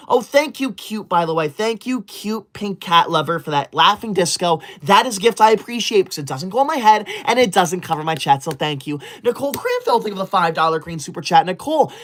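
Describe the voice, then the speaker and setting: The voice is high-pitched and a touch bright. Playing a rule-fixated, easily offended young streamer for a parody, the man lectures in a stiff, prim, reproachful way.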